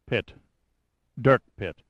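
A man's voice: very slow, no room sound, muffled recording. A man voicing a cool-headed, wisecracking male adventurer who answers in a dry, flippant way.

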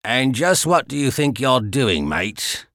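A man's voice: medium pitch, sing-song, takes it slowly, fairly bright tone, no room sound, clean studio sound, full character voice. A man voicing a brusque armed male guard with a Cockney accent, barking curt orders. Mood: menacing. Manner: curt, menacing barks.

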